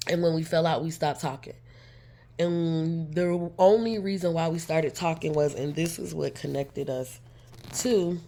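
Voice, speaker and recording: A young adult woman, chatty and animated, telling a personal story to her viewers and acting out the lines of the people in it. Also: low voice. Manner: animated, chatty, acts out quotes. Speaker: vlogger. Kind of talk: casual storytime.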